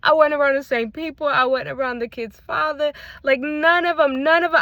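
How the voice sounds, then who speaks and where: Holding her phone in hand, this woman shares a fervent faith testimony with her viewers, repeating phrases and addressing them as y'all. Her voice is high and a bit bright, at a moderate pace with few pauses, and the recording is dry. She's a faith content creator.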